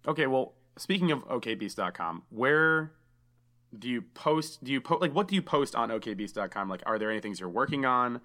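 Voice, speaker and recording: A man's voice: mid-range voice, lively intonation, a little fast, sharp tone. A man hosting a casual podcast, chatty and enthusiastic, saying dude a lot. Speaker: podcast host.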